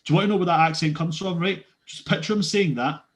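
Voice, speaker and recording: A man's voice: fairly high pitch, fast, few pauses. A man playing a tabletop game, ranting with swearing and mockery and laughing often in casual banter. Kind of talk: casual banter between players.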